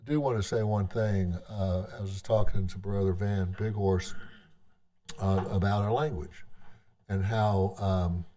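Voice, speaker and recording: A man, a tribal government leader, giving an unscripted address to a legislative session, speaking in a halting, conversational way with frequent restarts. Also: fairly low pitch, steady tone, mellow.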